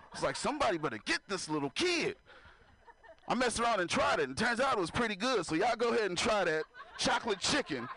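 A man doing stand-up before a live crowd, with a high voice that swings up and down a lot. His delivery is loose and conversational, and he keeps calling on the crowd to clap along. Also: bright, forceful tone. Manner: laughs at his own jokes. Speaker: stand-up comedian. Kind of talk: stand-up comedy set. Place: comedy club stage before a live audience.

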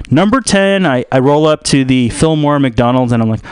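A man hosting a radio show, rambling through a comic story in a deadpan way. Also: mid-range voice, normal speed, hardly any pauses, smooth, no room sound. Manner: rambling, deadpan, full of fillers.

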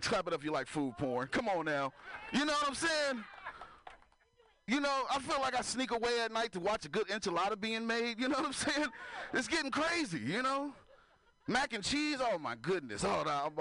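A man's voice: high-pitched, expressive, a little fast, pushed and bright, slight background noise. A man doing a stand-up comedy set, working the crowd loosely and laughing at his own jokes.

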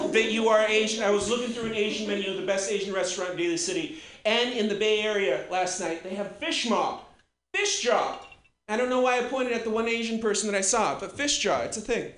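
A man's voice: sits high, sharp tone. A man in his late twenties delivering a rambling, profane stand-up comedy monologue and laughing at his own jokes. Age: 20s.

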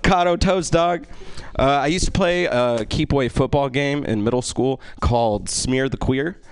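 A man doing a stand-up comedy set in a small club, self-deprecating with deadpan asides and lots of fillers. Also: mid-range voice, normal speed, clear, resonant tone, no echo. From Egypt.

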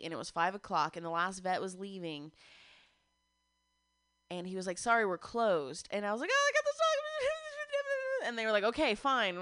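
A woman's voice: medium pitch, a bit bright, smooth, dry recording. A woman telling a long, rambling story on a radio show, laughing often as she goes. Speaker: radio guest. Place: radio studio.

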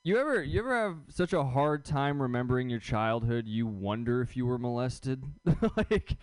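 A man's voice: medium pitch, lively intonation, normal speed, a little mellow, clear, resonant tone, dry recording. A young man doing a stand-up comedy set, rambling and self-deprecating, stumbling over his words.

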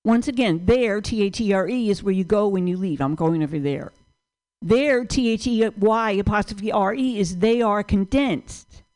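A woman's voice: medium pitch, moderate pace, a little mellow. An older woman with a New York accent doing brash, profane stand-up in a small venue, ranting at the crowd. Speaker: stand-up comedian.

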